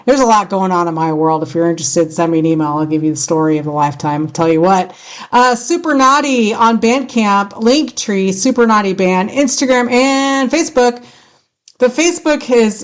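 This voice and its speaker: Chatty California woman hosting a radio show. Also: fairly low pitch. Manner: chatty, self-deprecating, laughs often, trips over words. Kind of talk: casual rambling show hosting.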